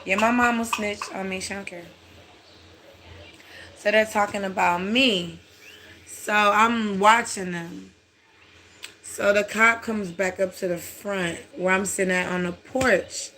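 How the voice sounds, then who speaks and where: A speaker telling a personal story in a casual, animated, blunt way with frequent swearing. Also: medium pitch, slow pace, long pauses, a little hiss or hum.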